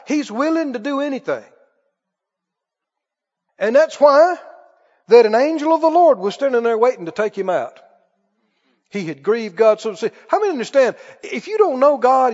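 A preacher with a very high voice, telling the story dramatically and stopping often to ask rhetorical questions. His voice carries a long reverb in a church sanctuary, and the recording sounds dull and muffled. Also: a little mellow. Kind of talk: sermon.

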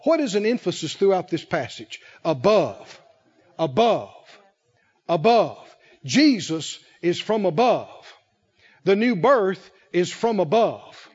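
A man preaches with a high voice at an unhurried pace. He leans hard on repeated phrases and lifts into fervent emphasis. The recording sounds dull and lo-fi. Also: sing-song, darkish tone, husky. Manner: emphatic, repeats key phrases slowly, rising with fervor. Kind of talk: sermon.

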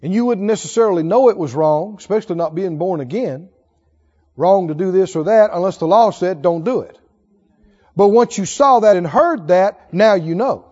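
Pastor, male, very high voice, emphatic call-and-response preaching; muffled recording in a big echoing sanctuary. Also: animated, normal speed, darkish tone. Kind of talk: sermon. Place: church sanctuary. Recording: dull sound with long hall reverb.

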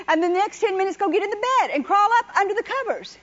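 A woman with a high, light voice gives a folksy sermon. She is chatty and exhorting, with easy laughter, and the recording sounds dull and lo-fi. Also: lively intonation, fairly quick, hardly any pauses, fairly bright tone. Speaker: preacher. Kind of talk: folksy sermon with personal stories.

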